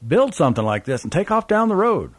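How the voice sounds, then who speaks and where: A man doing a gruff, restless young trucker. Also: high-pitched, big pitch swings, fast, dry recording, voice pushed up. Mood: grumbling. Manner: slangy, grumbling.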